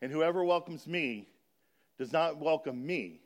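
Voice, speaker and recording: Addressing a church congregation about a children's charity, a man explains and slowly reads scripture in an earnest manner. His voice sits on the high side, with lively intonation.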